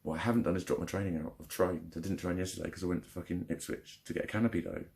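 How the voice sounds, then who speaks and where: In his personal vlog, a young man furiously recounts a frustrating phone call, swearing a lot. His deep, creaky voice has a darkish tone and fairly even intonation, and he speaks at a racing pace.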